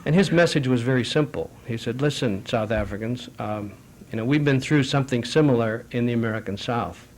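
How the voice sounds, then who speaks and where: A middle-aged man speaking at a foreign affairs forum, answering audience questions in a measured, anecdotal way with frequent restarts. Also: mid-range voice, a little hiss or hum.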